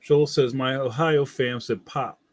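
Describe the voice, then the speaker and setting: A man's voice: medium pitch, steady tone, measured pace, dry recording. A man hosting a casual livestream, reading viewer comments aloud in a playful, slangy way and laughing often. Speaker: livestream host.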